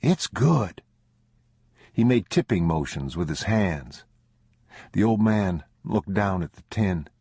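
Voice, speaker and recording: A man narrates a bleak survival audiobook with a measured, grim delivery. His voice is deep and husky, and the close, dry recording keeps it intimate. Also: expressive, dark tone, no echo. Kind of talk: scripted narration.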